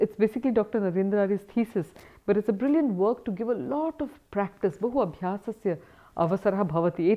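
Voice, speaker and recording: Woman teaching sanskrit grammar, recap lecture, sound's thin like a phone line. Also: medium pitch. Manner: mixes English with Sanskrit terms, checks in with "huh?".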